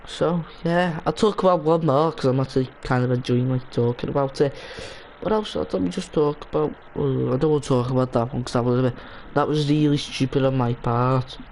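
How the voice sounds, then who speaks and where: A man's voice: medium pitch, a little fast, a little mellow, slight background noise, low-quality recording. A young man streaming a game, chatting casually and rambling with lots of restarts and fillers. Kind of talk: casual gaming stream chat.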